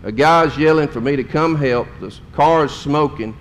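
A man's voice: on the high side, moderate pace. A middle-aged man, a pastor telling a story in a sermon in a folksy, emotional way. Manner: folksy, emotional storytelling with drawled Southern phrases.

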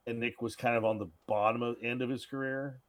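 A man's voice: medium pitch, fairly even intonation, brisk. A man co-hosting a podcast, rambling crudely about a film and retelling its scenes. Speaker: podcast co-host. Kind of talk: casual film chat.

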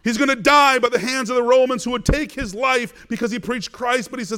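A man's voice: very high voice, brisk, sharp tone, smooth. A man preaching a sermon as pastor, earnest and emphatic, asking his congregation rhetorical questions.

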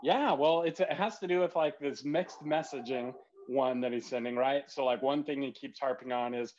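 A man's voice: medium pitch, normal speed, hardly any pauses, darkish tone. A man co-hosting a podcast, talking casually in a rambling way and laughing often. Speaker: podcast co-host, Sunday school leader. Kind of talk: casual conversation. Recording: dull lo-fi audio.

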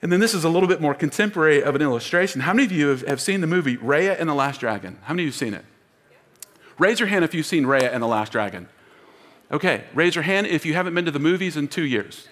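Fervent pastor preaching in a reverberant church. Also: male voice, a little high, expressive, quick pace, a bit bright. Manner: emphatic, call-and-response with congregation. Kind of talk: sermon. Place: church auditorium. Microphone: wearing a mic. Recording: long hall reverb.

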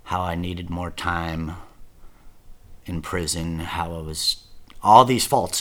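Deep-voiced man telling a raw story. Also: level tone, unhurried. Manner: profane, rambling, repeats words and says "dude" often. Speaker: guest telling his life story. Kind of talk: casual confessional storytelling.

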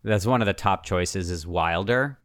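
Low, smooth-voiced man chatting. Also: no room sound, clean studio sound. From immigrated as a refugee as a child. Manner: relaxed, drawn-out, swears casually. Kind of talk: casual chat.

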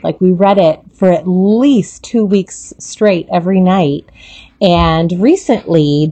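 A woman who is an educator and parent, chatting on a podcast and telling expressive, animated stories about reading with her children. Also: on the low side, dry recording. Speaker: guest educator. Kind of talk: casual podcast chat.

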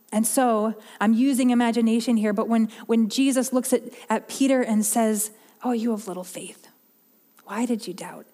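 Earnest woman preaching, slightly high voice. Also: warm tone, in a large hall. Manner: earnest, heartfelt, often restarts and repeats words. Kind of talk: sermon.

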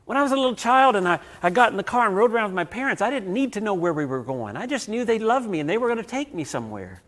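A man preaching a sermon as pastor. He tells stories, swinging between loud passages and hushed ones. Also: high voice, very animated, fast.

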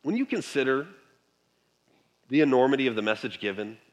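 A man's voice: medium pitch, lively intonation, a little fast, lo-fi sound. A man preaching a sermon in a conversational way, often turning to the congregation with questions. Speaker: pastor. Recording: long hall reverb.

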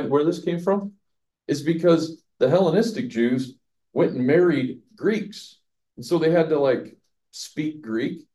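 Here a pastor goes through scripture verse by verse during a Bible study, talking casually, questioning his audience, and cracking himself up. His mellow voice sits on the high side.

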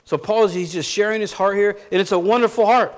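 Male pastor, high speaking voice, casual sermon delivery full of rhetorical questions. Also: fast. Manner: conversational preaching with rhetorical questions.

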